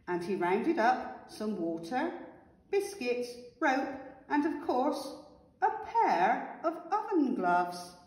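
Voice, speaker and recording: A woman teacher reading a picture book aloud to her class, with animated, expressive storytelling. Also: sits high, takes it slowly. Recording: echoey room with long reverb.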